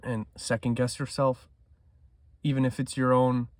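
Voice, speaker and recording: A man delivers an intense monologue for his trading vlog, cursing freely and alternating between loud emphasis and quiet, hushed moments. He speaks at a measured pace in a medium, level tone, with no echo.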